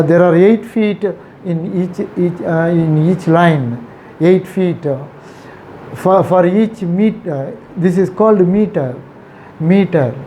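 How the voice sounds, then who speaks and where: A man with an Indian English accent explains a poem in a slow, unhurried way. His voice is mellow and warm, full of "uh" pauses and repeated words. Faint traffic noise sits in the background. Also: high voice. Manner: halting, many "uh" fillers, repeats words for emphasis. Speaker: English teacher. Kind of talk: classroom poetry lesson.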